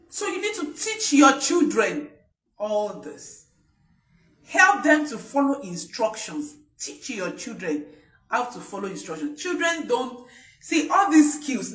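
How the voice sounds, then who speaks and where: A woman's voice: on the high side, a bit bright. A woman, a parenting coach giving an emphatic live-streamed talk to parents, repeating her key points. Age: adult parent. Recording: roomy, voice from mic distance.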